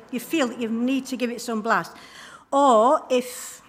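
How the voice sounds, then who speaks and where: A woman giving church notices and a talk during a service, chatty and friendly with frequent ums and throat clearing. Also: a little high, fairly even intonation, measured pace. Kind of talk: church notices and informal sermon.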